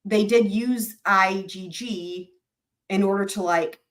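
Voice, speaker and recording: A woman's voice: medium pitch, steady tone, slow. A woman hosting a livestream, reading court filings aloud and explaining them to viewers in a chatty way with many fillers. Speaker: host of a legal commentary livestream.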